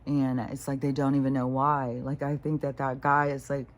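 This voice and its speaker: A woman's voice: a bass voice, little pitch movement, moderate pace. A woman talking casually in a meandering monologue, full of fillers and quoted asides, laughing often. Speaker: vlogger.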